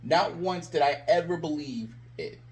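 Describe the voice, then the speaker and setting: A man's voice: on the high side, a little slow. A man ranting about his team in a sarcastic, exasperated vlog. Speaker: sports vlogger. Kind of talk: ranting fan commentary.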